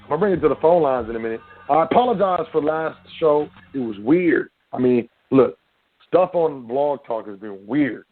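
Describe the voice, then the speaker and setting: A man's voice: on the high side, lively intonation, normal speed. Man hosting a call-in show over a tinny line. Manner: street-casual, preachy, talks straight to listeners. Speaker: radio show host. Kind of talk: casual monologue on an internet radio show. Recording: tinny phone-line sound with faint music.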